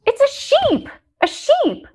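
A woman voicing a male hypnosis client in a trance, who talks in halting, wondering repetitions. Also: on the high side, big pitch swings, slightly rough, full character voice. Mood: awed. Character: entranced adult male client, awed and fixated.

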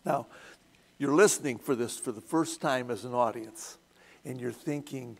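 A man leading a church Bible study, retelling the story in a conversational way and asking the group questions. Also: mid-range voice. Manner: unhurried, conversational storytelling with acted quotes.

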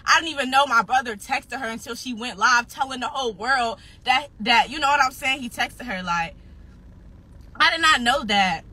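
A woman's voice: sits high, pushed and bright, husky. A nineteen-year-old woman venting on a livestream, upset and defensive, swearing heavily and repeating herself, close to tears at times. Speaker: social media personality.

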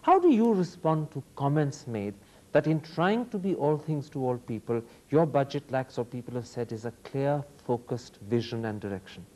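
Polished Indian-accented TV interviewer. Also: male voice, mid-range voice, lively intonation, normal speed, dark tone. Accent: Indian English. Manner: probing, polished, articulate questions. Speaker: TV interviewer host. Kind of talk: formal TV interview.

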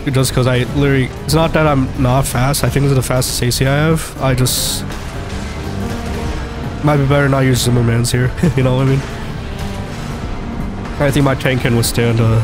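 A man's voice: medium pitch, flat delivery, moderate pace, long pauses, over music. A man with a cold and a nasal, clogged voice, giving jokey, rambling commentary on his gameplay for viewers. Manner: jokey, rambling, talks to viewers while playing. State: stuffy nose from a cold. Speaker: gaming video host. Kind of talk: casual let's-play commentary.

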